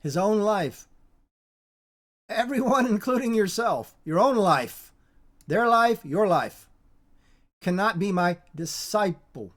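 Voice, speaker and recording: An informal Bible teacher speaks haltingly and repetitively, restarting words and circling back to drive each point home. His voice sits in a middling pitch, neither high nor low, with lively intonation.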